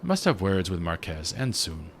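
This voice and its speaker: A man reading a game's gentle devout church sister aloud, formal and solemn. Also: low-pitched, very animated, normal speed, noisy background.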